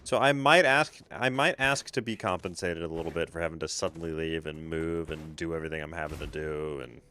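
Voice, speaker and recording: Deep-voiced streamer, laid-back and swearing. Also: male voice, brisk, sharp tone, a little hiss or hum. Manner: chats with viewers by name. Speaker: game streamer. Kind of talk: casual live-stream chat while gaming.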